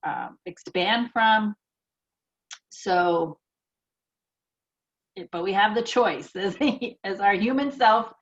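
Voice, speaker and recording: A woman's voice: fairly low pitch, vocal fry. A woman co-hosting a casual chat as a spiritual teacher, telling stories candidly and sometimes swearing. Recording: muffled lo-fi audio.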